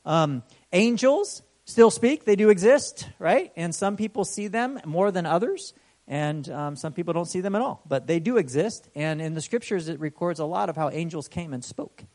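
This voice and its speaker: A man's voice: high-pitched, normal speed. A man preaching a sermon in a conversational way, often checking in with "right?" and acting out the story's exclamations. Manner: animated storytelling with voiced exclamations.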